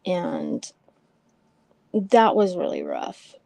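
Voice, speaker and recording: Slow, soft-spoken woman with a mellow voice. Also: lowish voice, huge pitch swings, creaky, dry recording. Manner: soft, hesitant, full of fillers. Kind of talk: casual chat about personal loss.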